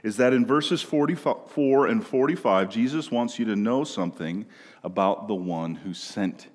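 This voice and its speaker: A man from Minnesota preaching a sermon in a conversational way, often asking "right?" and moving between quiet and loud passages. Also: fairly low pitch, normal speed. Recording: long reverb of a large room.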